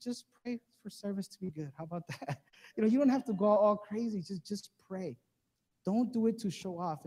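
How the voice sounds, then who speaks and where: A male pastor with a warm voice on the high side gives a casual, conversational sermon full of jokes, laughing often and acting out the people he quotes. It's a live service recorded in a reverberant church sanctuary.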